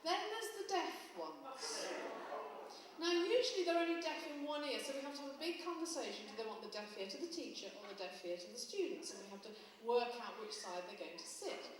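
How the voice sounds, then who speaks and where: A woman's voice: sits high, expressive, a little fast. A woman performing live stand-up comedy, telling wry, chatty stories to an audience. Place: live show in a hall with audience. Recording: echoey hall from far off, noisy.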